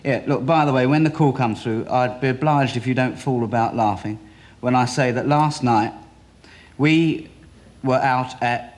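A man's voice: medium pitch, moderate pace. A man in an improvised comic phone sketch, flustered and overly formal on the phone. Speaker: comedy performer.

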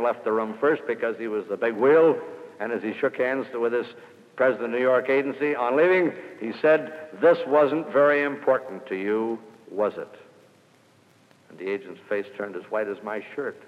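A middle-aged man gives a story-driven speech to a room full of salespeople, firing off sharp rhetorical questions. The recording sounds dull and dated, like an old radio broadcast. His voice carries a long hall reverb. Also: medium pitch. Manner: emphatic, punchy rhetorical questions. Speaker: sales speaker. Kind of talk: anecdotal speech to an audience.

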